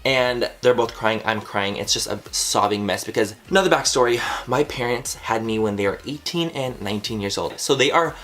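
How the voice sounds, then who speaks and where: Young man, 20s, somewhat low voice, casual vlog storyteller, animated, swears a lot, heavy "like" filler. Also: moderate pace, few pauses. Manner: animated, swears freely, fills with "like". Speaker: vlogger. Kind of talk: casual personal storytelling to camera.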